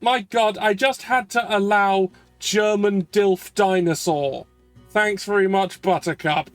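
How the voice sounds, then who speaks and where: High-voiced man rambling over gameplay. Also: slow, soft background music. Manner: rambling, chatty and self-deprecating. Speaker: streamer. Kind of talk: casual gameplay commentary.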